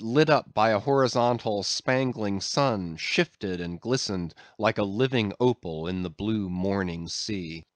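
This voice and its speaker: A man's voice: lowish voice, no room sound. A man narrating an audiobook with a dramatic storytelling delivery. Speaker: audiobook reader. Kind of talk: scripted narration.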